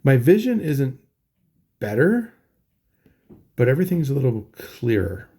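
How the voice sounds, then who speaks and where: Gravelly tired man, halting diary talk. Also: medium pitch, very animated, mellow. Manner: halting, many ums and restarts. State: tired, yawning. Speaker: vlogger. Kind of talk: casual daily video diary.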